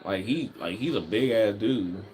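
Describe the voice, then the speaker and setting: A man rambles through animated, slang-heavy commentary while watching football, frequently starting lines with "I was like." His voice sits on the low side, and his pace is a little slow.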